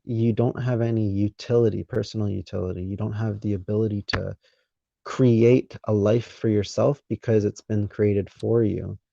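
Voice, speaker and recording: Man, podcast host, gravelly, mellow, deliberate pacing, dull lo-fi sound. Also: on the low side, steady tone, no echo. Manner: measured, deliberate, with pauses mid-sentence. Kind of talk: conversational interview.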